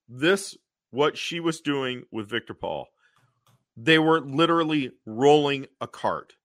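A man co-hosting a podcast, recapping an old TV episode in an animated way, acting out the characters' lines and often clearing his throat. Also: medium pitch, slow pace, no room sound, studio quality. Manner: animated storytelling, acting out quotes in funny voices. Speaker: podcast co-host.

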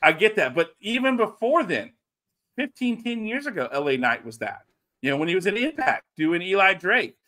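Man, lively chatty co-host, brisk bright voice, casual podcast talk. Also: sits high. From South Louisiana. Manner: animated, drops into mock Cajun voices. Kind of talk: casual wrestling chat.

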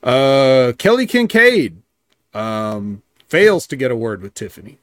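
A man's voice: medium pitch, very animated, slow, fairly bright tone, dry recording. A man co-hosting a wrestling podcast, recapping the shows in a matter-of-fact, sarcastic way. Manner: recaps events matter-of-factly, dry sarcasm. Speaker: podcast co-host.

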